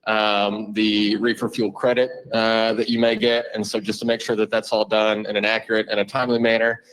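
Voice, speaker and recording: A man giving a measured fuel update at a company meeting, speaking with many fillers. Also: lowish voice, little pitch movement, a bit bright, rough recording. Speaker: fuel department staff. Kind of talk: work update.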